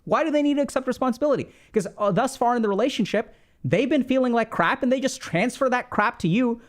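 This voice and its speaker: A man's voice: very high-pitched, fast. A man giving casual relationship advice in a conversational way, with frequent fillers and tag questions. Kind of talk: casual explanatory talk.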